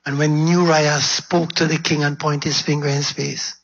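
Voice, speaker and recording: A man preaching a sermon, retelling a story dramatically and acting out its quotes in a husky voice. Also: fairly high pitch, level tone, moderate pace, few pauses, a bit bright. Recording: dull lo-fi recording.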